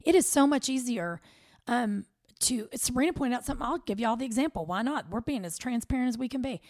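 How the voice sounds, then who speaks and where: A woman's voice: fairly high pitch, quick pace, no room sound, studio quality. Chatty Southern woman podcast host. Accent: Southern American. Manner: animated, chatty, with playful quoted voices. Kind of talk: candid podcast chat.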